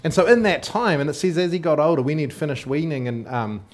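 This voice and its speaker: A man's voice: fairly high pitch, quick pace. A man preaching a sermon in a casual, conversational way, often asking the congregation questions and thinking aloud with fillers and restarts.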